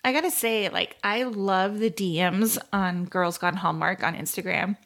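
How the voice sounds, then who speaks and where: A woman's voice: mid-range voice, normal speed, fairly bright tone. A woman co-hosting a podcast, chatting casually and gushing, often saying "like". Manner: casual, gushing, uses "like" a lot. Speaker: podcast co-host.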